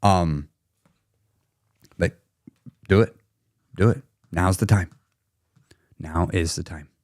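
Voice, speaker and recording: A man's voice: sits low, slow pace, a little mellow. A man hosting a casual live stream, talking straight to viewers in a pushy, teasing way and laughing often. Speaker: live stream host, weight loss coach.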